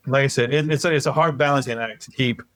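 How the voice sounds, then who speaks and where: A man with a Cajun accent, a guest on a podcast. He talks in a practical, plainspoken way and often adds "you know." His voice is mid-pitched and recorded dry. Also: fairly even intonation, fast talker, a bit bright, no echo. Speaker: guest, tool company founder. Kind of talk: casual interview chat.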